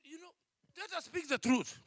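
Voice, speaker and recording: A man, a pastor, preaching a sermon that moves from quiet storytelling to shouted exhortation, repeating phrases and calling out to his congregation. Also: very high voice, normal speed, dry recording. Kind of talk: preaching a sermon with a personal testimony.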